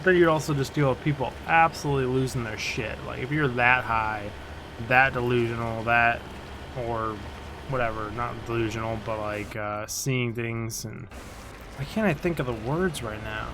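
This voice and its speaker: This let's play host is tired and yawning, offering casual, meandering remarks on his game, full of swearing and jokes about the screen. His voice sits at medium pitch with fairly even intonation and a moderate pace, over a noisy background.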